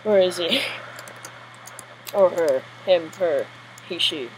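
A woman commentating her own gameplay live, excitable and jittery, often giggling. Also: lowish voice, takes it slowly, long pauses, a little hiss or hum, low-quality recording. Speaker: gamer.

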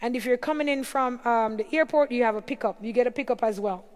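A woman's voice: a little high, fast talker. A woman hosting a casual livestream, reading out viewers' names one by one, her voice a little tired. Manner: reads out viewer names and greets them warmly one by one. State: voice tiring. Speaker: livestream host. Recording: long hall reverb.

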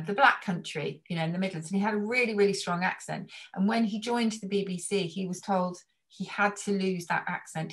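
A woman from England with a received pronunciation accent, a language expert explaining things in an interview in a measured, thoughtful way with frequent ums. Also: lowish voice, gravelly. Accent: British received pronunciation.

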